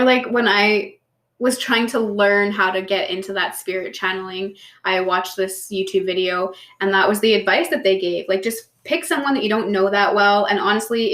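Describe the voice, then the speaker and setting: A woman's voice: mid-range voice, brisk. Chatty woman telling stories, echoey room. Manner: chatty, animated, swears freely. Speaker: podcast co-host. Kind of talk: casual chat, storytelling. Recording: roomy echo.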